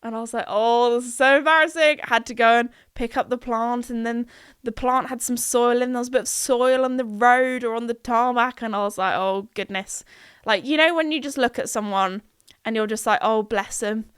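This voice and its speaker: A young woman hosting a podcast, telling a story in a chatty, self-mocking way and acting out her own lines in higher voices. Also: steady tone, fairly quick, clean tone, dry recording, studio quality. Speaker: podcast host. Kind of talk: casual storytelling monologue.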